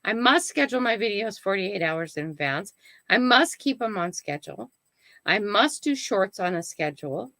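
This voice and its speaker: Gravelly older woman chatting on a livestream. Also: mid-range voice, lively intonation, moderate pace, sharp tone, no room sound, low-quality recording. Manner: chatty, repeats "right?" and "okay?". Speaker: channel host. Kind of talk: casual live-stream chat.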